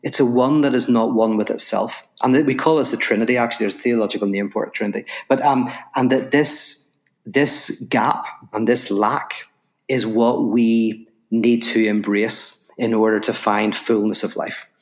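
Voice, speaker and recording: A man, the guest on a podcast interview, talking fast and telling stories while explaining ideas. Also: medium pitch. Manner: animated storyteller, quick explanations. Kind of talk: podcast interview, storytelling and philosophy.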